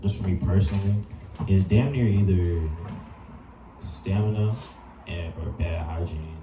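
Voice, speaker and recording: A man's voice: sits low, a little slow, recorded from a distance, noisy background. A young man on a discussion panel, talking in rambling slang and often laughing. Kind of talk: casual panel debate. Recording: echoey room, mic from afar, crowd behind.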